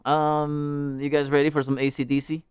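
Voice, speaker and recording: A man's voice: fairly high pitch, completely flat delivery, moderate pace, a little mellow, clear, resonant tone, dry recording, clean studio sound. A man hosting a live music stream, chatting casually with viewers, rambling and joking as he interrupts himself. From United States.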